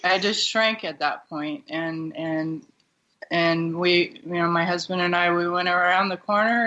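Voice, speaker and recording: A woman with a bright, forceful voice retells a painful memory, halting and restarting as the feeling catches up with her. The audio is a bit muffled and lo-fi, like talk radio. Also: fairly low pitch, fairly even intonation. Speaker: guest. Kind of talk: personal storytelling.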